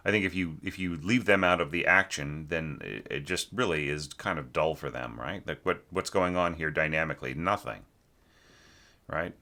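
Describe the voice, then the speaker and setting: A man with a deep, sharp-toned voice teaches orchestration, rambling conversationally as he critiques a student's score. He often tags on "right?" and sometimes sings a short phrase to demonstrate the melody.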